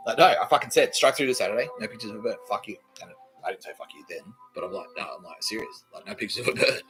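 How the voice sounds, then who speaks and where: A man with an Australian accent delivering a rambling, profane comedic monologue, repeating himself and swinging between loud outbursts and mumbling. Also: on the low side, lively intonation, racing, faint music behind. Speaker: podcast host.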